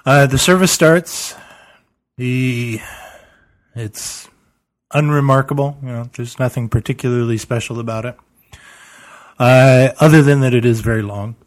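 A man narrates a tabletop game as game master, describing the scene in a halting way. He scatters "you know" fillers through an ordinary, middle-pitched voice.

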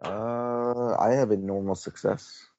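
A tabletop player, a man with a fairly low voice, reasons aloud slowly and casually. His mic sounds dull and lo-fi. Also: fairly even intonation, noisy background.

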